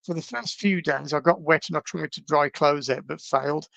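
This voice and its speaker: A man, a podcast guest, telling travel stories in a casual, animated, self-deprecating way over a video call. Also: fairly high pitch, moderate pace, gravelly, dry recording. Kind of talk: casual storytelling.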